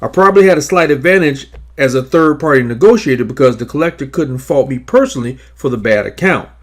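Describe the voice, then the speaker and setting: A man narrating scripted instructions on negotiating debts, in a measured, emphatic coaching manner. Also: medium pitch, lively intonation. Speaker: credit repair advisor.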